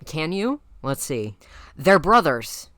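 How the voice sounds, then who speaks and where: Low-voiced woman, teasing and mock-dramatic. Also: sing-song, slow pace, a bit bright, no room sound, soft background music. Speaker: YouTuber judging viewers' game characters. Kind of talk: playful commentary.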